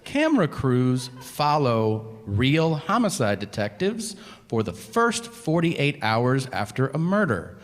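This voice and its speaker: A man performing a stand-up comedy routine, telling stories in an animated way and acting out voices. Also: mid-range voice, takes it slowly. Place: theater stage before a live audience. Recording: echoey venue with audience noise. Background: audience laughter.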